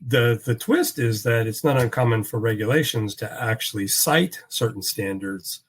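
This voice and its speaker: A man speaking as a standards expert in a panel discussion, measured, with frequent fillers and restarts. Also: mid-range voice, breathy edge, rough recording.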